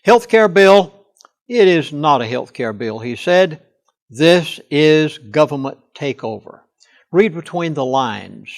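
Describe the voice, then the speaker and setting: An older pastor with a fairly high voice, speaking in a studio interview. He sounds earnest and punches key words with heavy emphasis. He sits as the guest and explains at length. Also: animated, slow pace. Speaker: pastor and chaplain.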